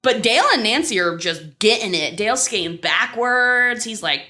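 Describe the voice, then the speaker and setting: A woman's voice: on the high side, expressive, moderate pace, sharp tone. A woman in her thirties co-hosting a podcast, chatting casually as she retells an episode, swearing freely and acting out the characters' lines. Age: 30s. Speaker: podcast co-host. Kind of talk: casual chat recapping an episode.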